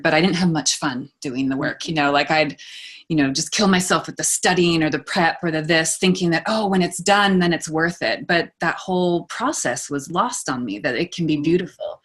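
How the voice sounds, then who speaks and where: A woman author and poet answering interview questions, telling stories in an animated way and laughing often. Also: lowish voice.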